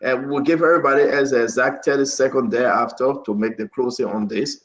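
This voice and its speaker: A man's voice: medium pitch, steady tone, a little fast, fairly bright tone, echoey room, rough recording. A man hosting a heated political talk show, passionate and raising his voice. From Liberia. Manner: passionate, raises voice, repeats himself.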